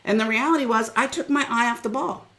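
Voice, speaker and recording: High-voiced, energetic woman business coach. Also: fast. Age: middle-aged. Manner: energetic, preachy, calls out listeners by name. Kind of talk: motivational webinar talk.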